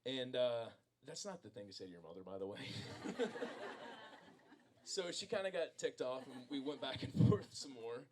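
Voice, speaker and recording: A man in his thirties tells a story to a bookstore audience in an easy, rambling way. He is self-deprecating and full of fillers and restarts. His voice sits at a middling pitch. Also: expressive, normal speed, background noise. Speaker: author speaking at a book event. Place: bookstore event room.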